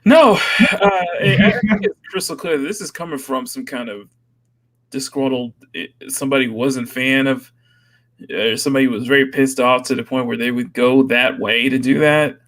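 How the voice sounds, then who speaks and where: A man's voice: medium pitch, normal speed, a bit bright. A man co-hosting a casual gaming stream, laid-back and repetitive, with small chuckles. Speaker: co-host. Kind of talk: casual chat on a live stream.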